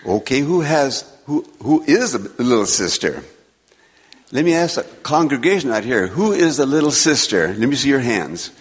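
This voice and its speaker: A man's voice: medium pitch, very animated, normal speed. Folksy man telling a children's sermon. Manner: folksy, gently joking storyteller. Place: church sanctuary. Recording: long church reverb.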